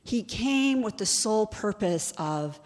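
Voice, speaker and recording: A woman teaching from the pulpit in a relaxed, storytelling way, checking in with her listeners through questions. Her mid-range voice carries the long reverb of a large hall. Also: medium pitch, measured pace. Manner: conversational, storytelling, asks the audience questions. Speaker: ministry executive director teaching. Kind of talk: sermon-style teaching.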